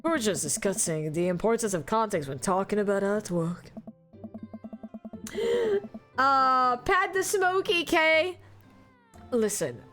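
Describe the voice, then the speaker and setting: A woman streamer playing a game live, reading its dialogue aloud and commenting with animated laughter, loud outbursts and swearing. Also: medium pitch, normal speed, faint music behind.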